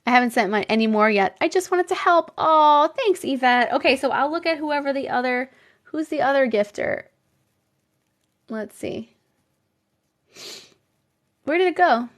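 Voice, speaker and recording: A woman's voice: sits high, expressive, a little slow, long pauses. A woman with a New York accent hosting a casual live stream, chatting with viewers, exclaiming and laughing often. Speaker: live stream host reading viewer stories.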